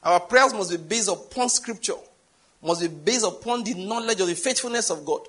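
A man with a Nigerian accent preaching a sermon, telling a story with emphatic stress, jumping high and loud on key words. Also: moderate pace, breathy edge.

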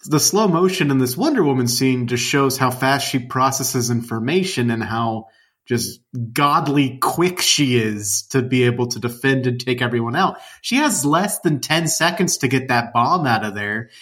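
A man's voice: medium pitch, animated, moderate pace, a bit bright. A man co-hosting a podcast, talking films in an enthusiastic, rambling way. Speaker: podcast co-host. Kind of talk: casual film discussion.

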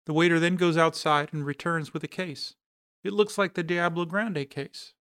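A man hosting a podcast, narrating a story in a steady, descriptive way. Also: on the high side, normal speed, clean tone.

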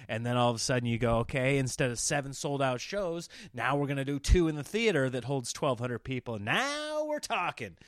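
A man from Nebraska talks through a casual podcast monologue at a middle pitch, rambling from one story to the next. He acts out other people's lines as he goes. The recording is close and dry, with no room sound. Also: brisk, few pauses, no room sound. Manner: rambling, animated storytelling with acted-out quotes. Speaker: comedian and podcast host.

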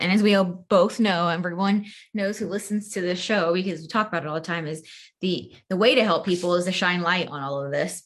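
A woman hosting an interview show, her voice sitting a little low. She talks firmly and supportively, backing her guest. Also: a bit bright. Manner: firm and supportive. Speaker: podcast host. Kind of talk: interview conversation.

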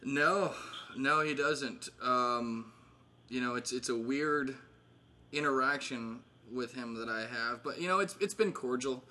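This host is a man in his thirties whose medium-pitched voice sounds bright and forceful at a measured pace. He's casually catching up with old friends, rambling with fillers and laughing a lot.

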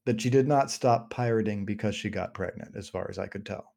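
A man's voice: lowish voice, brisk, gravelly, dark tone. A man co-hosting a book podcast, playfully mock-defiant, with hesitant restarts. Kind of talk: casual book-club chat.

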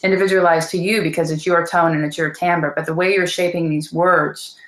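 A woman's voice: on the low side, flat delivery, fairly quick, fairly bright tone, reverberant, rough recording. A woman speaking as a voice teacher in a casual interview, earnest and thoughtful, with many fillers.

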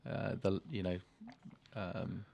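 Low gravelly hesitant man. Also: level tone, slow pace, lo-fi sound. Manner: hesitant, many restarts and fillers, chuckles. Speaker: author and guest. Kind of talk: casual interview chat.

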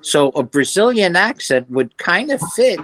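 A man co-hosting a podcast in casual chat, talking in halting, restarting sentences. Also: high-pitched, very animated, a bit bright, no room sound, poor audio. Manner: hesitant, restarts and trailing thoughts. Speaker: podcast co-host.

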